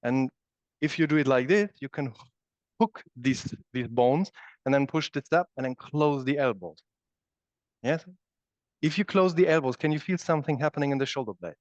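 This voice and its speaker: A man's voice: mid-range voice, animated, normal speed, long pauses, no echo. A man teaching a live yoga class, demonstrating the moves as he explains them and often checking in with "okay?". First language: German. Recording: dull, dry studio recording.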